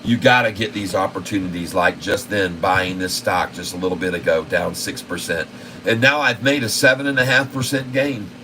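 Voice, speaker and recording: A man hosting a stock market livestream, giving casual, excited commentary and talking to his viewers as folks. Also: deep voice, moderate pace, a little hiss or hum, rough recording.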